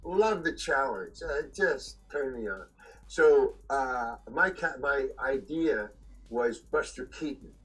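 Husky older man telling stories. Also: mid-range voice, animated, fairly bright tone, soft background music, rough recording. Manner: halting, restarts, chuckles while telling stories. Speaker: actor guest. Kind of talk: anecdotal storytelling.

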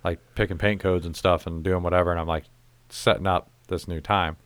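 Low, smooth-voiced man telling stories. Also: brisk, dry recording. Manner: profane, animated storytelling with acted quotes. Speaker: podcast host. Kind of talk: casual chat, storytelling.

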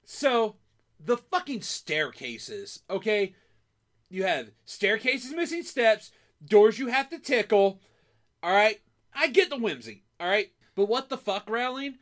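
A man co-hosting a podcast in casual comedic banter, ranting excitably and swearing. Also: sits high, takes it slowly. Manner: excitable, swearing, rants with lots of laughter. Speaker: podcast co-host.

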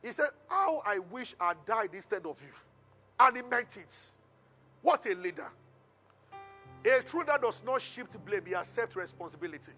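High, bright-voiced preacher. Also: male voice, moderate pace, slightly rough, faint music behind. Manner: storytelling preacher, animated retelling with call-and-response. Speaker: pastor. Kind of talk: sermon.

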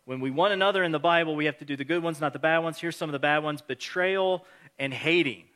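A man's voice: on the high side, fast talker, a bit bright. A male pastor giving a conversational sermon, earnest and encouraging, mixing scripture reading with everyday stories.

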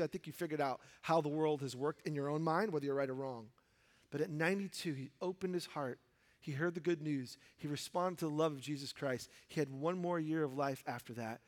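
Male pastor, high-pitched, animated delivery, acts out characters in his sermon. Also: in a large hall. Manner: animated preaching, mimics voices in quotes.

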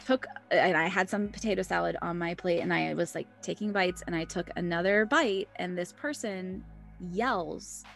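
A woman's voice: lowish voice, normal speed, gravelly, a bit bright, faint music behind. A woman in her thirties co-hosting a casual podcast, telling personal stories candidly and laughing often. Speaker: podcast co-host. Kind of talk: casual chat, personal storytelling.

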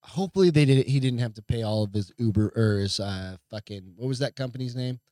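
A man's voice: medium pitch, a little fast, mellow, no echo, clean studio sound. A man co-hosting a casual podcast, joking loosely with heavy swearing and reading news stories aloud. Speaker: podcast co-host.

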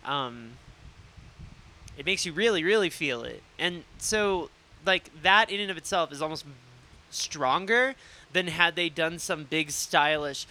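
Bright, clear-voiced man in rambling chat. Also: a little high, unhurried. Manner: rambling, swears freely. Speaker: podcast co-host. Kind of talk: casual chat.

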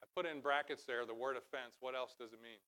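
A middle-aged man preaching a sermon from a church stage, talking conversationally and then building to loud, emphatic passages. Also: medium pitch, steady tone, fast talker, clear, resonant tone. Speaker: pastor.

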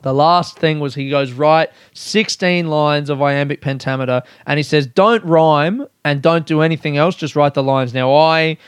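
A young man talking on his own podcast, rambling and swearing, laughing at himself between thoughts. His voice is smooth and full, with a mid-pitched tone. The sound is close and dry, with no room around it. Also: normal speed, hardly any pauses, no room sound. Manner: rambling, swears, laughs often, self-mocking. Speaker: podcast host. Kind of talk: casual solo podcast chat.

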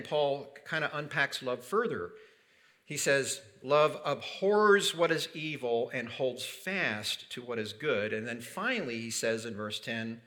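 A man delivers a sermon from the pulpit with a bright, forward tone. He keeps it conversational, throws questions to the congregation and slips in light humor. His pitch sits in a typical middle range. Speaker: pastor.

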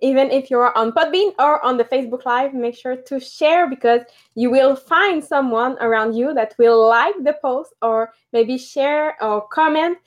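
A woman in her thirties with a high voice, whose French first language shows. She co-hosts a motivational podcast and explains things at a steady pace, with a few fillers. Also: unhurried. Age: 30s. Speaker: podcast co-host.

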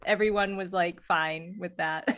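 A woman who is a guest author on a podcast, chatting casually, laughing and telling animated stories. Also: lowish voice, a little slow. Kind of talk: casual chat.

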